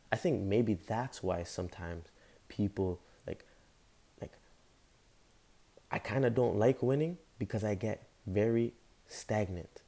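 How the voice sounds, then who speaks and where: Young man, motivational monologue, gravelly, mellow dark tone, impassioned and rambling. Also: on the low side. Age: young adult. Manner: impassioned, rambling, casual slang. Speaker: podcast host.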